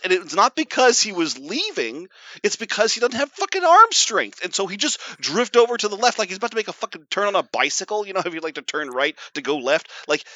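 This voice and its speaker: A bright, forward-sounding man in his young adult years tells a rambling, profanity-laced story on a podcast, acting out his father's lines as he goes. His voice sits close and dry, with no room around it. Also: on the high side, no room sound. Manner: profane, animated, mimics his dad in quotes. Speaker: podcast co-host. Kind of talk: casual storytelling chat.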